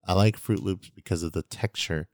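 Man, very low voice, dry close sound, rambling slangy storyteller, casual podcast chat. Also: moderate pace, darkish tone, dry recording. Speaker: podcast co-host.

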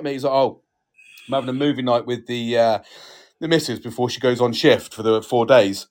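A man's voice: medium pitch, animated. A man co-hosting a casual podcast, swearing a lot and laughing as he tells his stories. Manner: laughing, swears heavily, rapid anecdotes. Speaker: podcast co-host. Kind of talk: casual banter.

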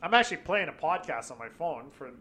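A man's voice: fairly high pitch, very animated, fairly quick, sharp tone. A man in a casual chat, telling a story with constant swearing and acted-out quotes.

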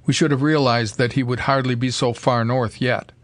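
Man reading brisk male scientist, decisive, clipped, middle pitch, dry sound. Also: steady tone, no room sound, close to an everyday voice.

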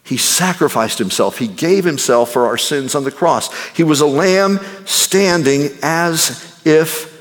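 A male pastor preaching a sermon. He swings between ringing exclamations and hushed, near-whispered passages. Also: fairly high pitch, expressive, measured pace. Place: church sanctuary. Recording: long reverb of a large hall.

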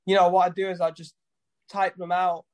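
Tattoo artist, guest in a casual chat, fairly high voice, rambling anecdotes with swearing. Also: male voice, flat delivery, a little fast. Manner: loose storytelling, swears, acts out dialogue.

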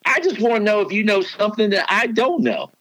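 A man's voice: high-pitched, expressive, fairly quick, a bit bright, no echo, voice pushed up, low-quality recording. A man imitating a blunt male football coach with a Southern twang, speaking in a drawl. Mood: probing.

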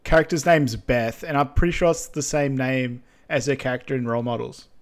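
A man's voice: mid-range voice, steady tone, a little fast. Man, podcast co-host; laid-back, filler-heavy retelling of movie scenes. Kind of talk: casual film recap chat.

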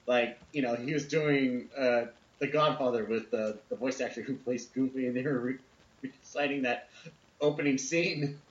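A man co-hosting a podcast in casual chat, laid-back and halting, with frequent fillers and small laughs. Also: medium pitch, steady tone. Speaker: podcast co-host. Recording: roomy, dull lo-fi sound.

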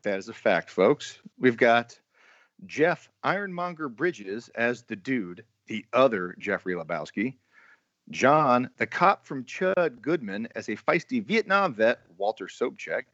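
A man's voice: medium pitch, animated, measured pace, fairly bright tone, no room sound. Guy hosting a movie pod, jokey, keeps restarting words, dry dull sound. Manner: jokey, stumbles and repeats words. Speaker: podcast host. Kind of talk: casual movie podcast chat.

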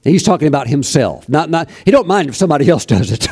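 Male preacher, folksy storyteller, mellow tone, lots of restarts. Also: fairly high pitch, animated, fast talker, slightly rough. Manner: folksy, anecdotal, many restarts. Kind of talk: sermon storytelling.

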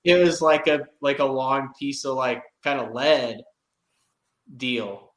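A man's voice: medium pitch, takes it slowly. A man telling a fishing story in casual podcast chat, rambling with lots of "like" and laughing as he goes. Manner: rambling, many "like" fillers, laughs while telling. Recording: roomy echo.

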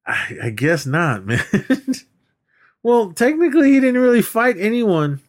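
A podcast co-host casually recaps a film, rambling along, acting out quoted lines and laughing as he goes. His voice is high with wildly swooping pitch, and he speaks a little slowly.

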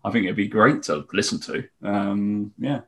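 A man's voice: on the low side, normal speed, bright, forceful tone. A man in a casual podcast chat, joking and laughing often.

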